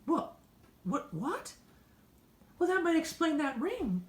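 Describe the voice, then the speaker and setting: A fussy, gossipy sister frets at a hospital bed in a high, dramatic voice, played by a woman. The hobby voice drama is recorded in an echoey room. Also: sing-song, slow pace, darkish tone, exaggerated voice.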